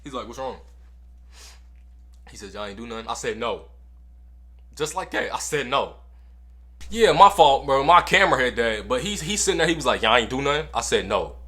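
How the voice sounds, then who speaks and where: Young male vlogger, casual slangy storyteller, mid pitch, animated delivery. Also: fairly quick. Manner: animated, slangy, repeats phrases for effect.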